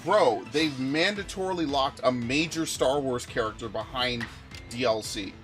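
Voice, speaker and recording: A man's voice: medium pitch, moderate pace, a bit bright, faint music behind. A man streaming a game, ranting with exasperation and lots of swearing. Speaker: gaming streamer.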